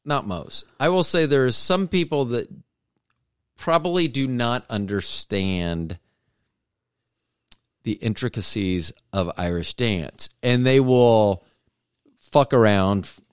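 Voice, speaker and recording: A man's voice: mid-range voice, slow, pauses often, smooth, dry recording, studio quality. A man co-hosting a casual chat, joking around and swearing casually. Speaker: co-host. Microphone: headset.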